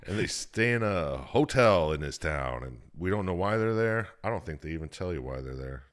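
A man's voice: deep voice, animated, normal speed. A man co-hosting a casual podcast, laid-back and joking as he sums up a game's story in loose bits. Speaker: podcast co-host.

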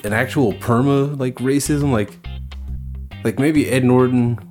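A man's voice: medium pitch, a little slow, a little mellow, faint music behind. A man co-hosting a casual podcast chat, rambling and swearing with lots of filler words. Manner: rambling, profane, many filler likes.

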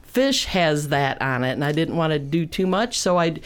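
A woman's voice: low-pitched, very animated, normal speed, smooth. A woman casually explaining the food she made for a show, chatty and rambling, laughing at herself. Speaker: cook presenting food on a show. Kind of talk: casual chat.

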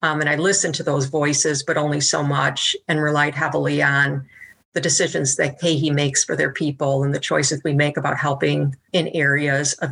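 A woman's voice: low voice, creaky, fairly bright tone. A woman being interviewed, telling her story in an earnest, heartfelt way. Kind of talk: reflective conversational storytelling.

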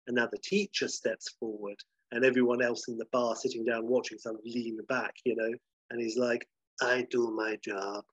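A man with a medium-pitched, level voice talks a little fast as he casually pitches a comedy scene, rambling with plenty of "like" and "you know." The lo-fi recording is slightly dull, with no room sound.

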